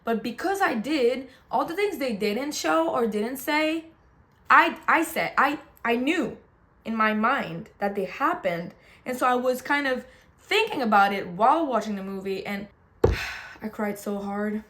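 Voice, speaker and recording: A woman's voice: on the high side, expressive, unhurried, fairly bright tone. A young woman booktuber chatting casually, rambling and gushing emotionally about books and a film. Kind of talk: casual chat. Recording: faint background noise.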